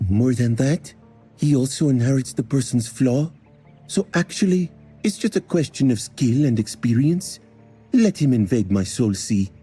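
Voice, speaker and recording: A man's voice: medium pitch, lively intonation, unhurried, mellow, slightly rough, faint music behind, voice pushed up. A man voicing a self-assured, sleepy young female warrior with a lazy drawl in an audiobook. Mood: confident.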